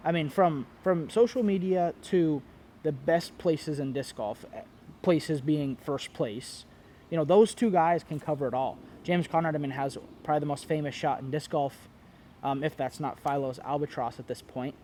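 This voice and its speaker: A man's voice: on the high side, normal speed, warm tone, slight background noise. A man talking casually to camera, giving his opinions in a rambling way, full of fillers and restarts. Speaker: disc golf commentator and brand owner.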